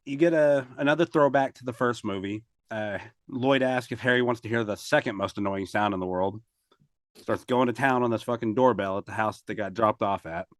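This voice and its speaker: A man's voice: lowish voice, brisk, dry recording, clean studio sound. A man co-hosting a casual movie review podcast, recapping the plot in a laid-back way with crude humor. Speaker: podcast co-host.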